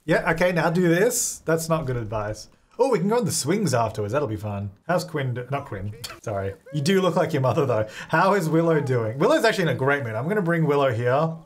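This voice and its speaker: A man's voice: fairly high pitch, sing-song, a little fast, breathy edge. A young man hosting a life-sim let's play, chatty and laughing often as he plays. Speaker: gaming channel host.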